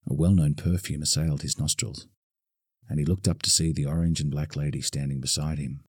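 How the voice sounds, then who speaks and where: Man, audiobook narrator, very deep voice, dry close sound. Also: steady tone, fairly quick, darkish tone, husky, no echo.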